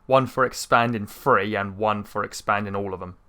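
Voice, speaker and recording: A man giving casual gameplay commentary, chatty and rambling, with an irritated throat that he keeps clearing. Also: fairly low pitch, fairly even intonation, normal speed, sharp tone. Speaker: gaming YouTuber.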